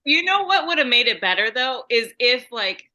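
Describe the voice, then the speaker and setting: A bubbly woman hosts a casual podcast chat, laughing often and restarting her sentences. Her voice is bright and sits a little high. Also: very animated, normal speed, a little hiss or hum. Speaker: podcast host.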